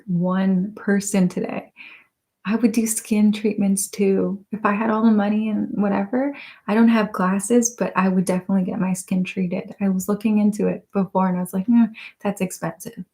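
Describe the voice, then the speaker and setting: A woman hosts a live ASMR stream, reading her viewers' comments one after another. Her voice sits at a medium pitch, soft-spoken and close on binaural microphones. She giggles easily and keeps holding back laughter. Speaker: ASMR channel host.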